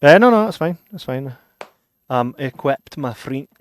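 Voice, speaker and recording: A Scottish man co-hosting a podcast in casual chat, swearing freely and laughing often, sometimes dropping into a low mutter. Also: expressive, a little slow, clean tone, dry recording. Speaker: podcast co-host.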